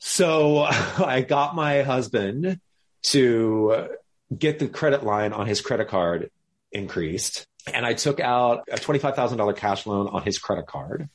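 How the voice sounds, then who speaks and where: A man, a podcast guest, telling a lively story with laughter and acted-out quotes. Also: medium pitch. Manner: animated, laughing, acts out quoted voices.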